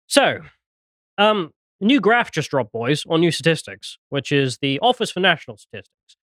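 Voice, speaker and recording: A man's voice: a little high, sing-song, normal speed, fairly bright tone, no echo, studio quality. A young British man hosting a casual podcast, chatty and self-mocking, often laughing at himself. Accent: British English. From Britain. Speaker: podcast host.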